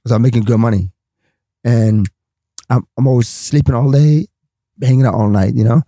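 A man's voice: normal speed, dry recording. A male comedian telling a long story in casual chat, swearing freely and acting out other people's voices. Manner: animated, acts out others with big pitch jumps, swears freely. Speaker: guest comedian.

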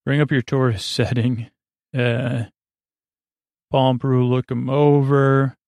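Male podcast host, gravelly, flat delivery, rambling recap for sleep, halting with fillers. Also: medium pitch, dry recording, studio quality. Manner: halting, many fillers and self-corrections.

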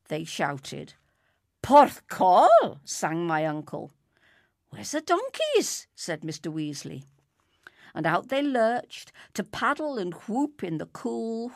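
Unhurried, expressive woman storyteller. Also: mid-range voice, dry recording, clean studio sound. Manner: lyrical, expressive, unhurried reading. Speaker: narrator. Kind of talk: storytelling reading.

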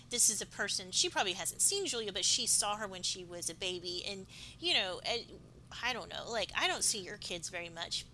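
A woman's voice: medium pitch, pushed and bright, slight background noise, low-quality recording. A woman co-hosting a podcast, chatting emotionally about an episode and drifting into personal stories. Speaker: podcast co-host. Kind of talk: casual recap chat.

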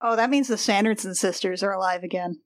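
A woman's voice: medium pitch, fast talker. A woman playing a tabletop game, quippy and impatient with the party. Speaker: player.

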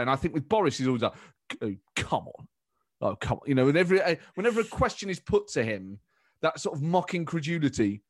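A man talks as a guest in an animated, chatty way. His voice sits in a middle pitch. The recording is dry and close. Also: no echo. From Nottingham, England. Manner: chatty, animated, quick restarts. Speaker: guest comedian and impressionist. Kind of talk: casual interview chat.

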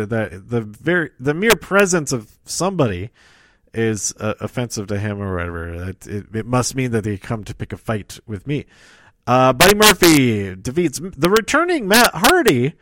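A man's voice: mid-range voice, a bit bright, no echo. A man casually recapping a wrestling show, rambling and correcting himself as he goes. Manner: rambling, self-correcting, chuckles at own slips.

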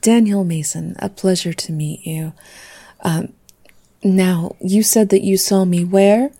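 A woman's voice: fairly low pitch, fairly even intonation, takes it slowly, mellow, slightly rough, heavily acted. A woman voicing a gracious older actress who speaks in a genteel, formal way.

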